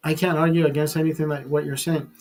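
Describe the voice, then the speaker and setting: A man's voice: fairly high pitch, flat delivery, fast talker, darkish tone. A man hosting his own channel, delivering a heated, profane political rant full of restarts. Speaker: channel host.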